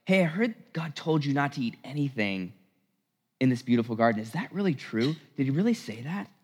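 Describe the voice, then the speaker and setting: A man voicing a scheming serpent tempter in a sermon, speaking low in a hushed, coaxing tone of mock concern. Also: sing-song, fairly quick, a little hiss or hum, natural voice. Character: sly scheming serpent tempter, lowering his voice. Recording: long church reverb.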